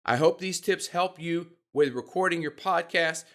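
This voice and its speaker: Expressive man coaching on podcast speaking. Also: moderate pace. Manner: expressive, demonstrates pitch and pace changes. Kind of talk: instructional talk to camera.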